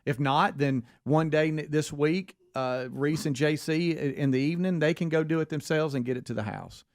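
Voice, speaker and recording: A middle-aged man from Alabama tells a family story on a radio talk show. His voice sits a little high and he keeps slipping into the voices of the people he quotes. The studio sound is dry and close. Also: moderate pace, dry recording. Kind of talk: casual storytelling chat.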